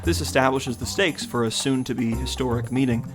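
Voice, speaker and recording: A man giving measured, analytical scripted narration for a video essay. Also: medium pitch, over music.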